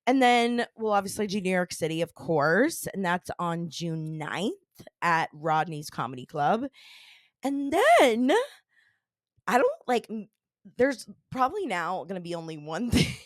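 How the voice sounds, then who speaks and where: A woman's voice: on the low side, very animated, measured pace, dry recording, clean studio sound. A woman in her thirties hosting a comedy podcast, chatty and rambling, laughing often. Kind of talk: casual podcast chat.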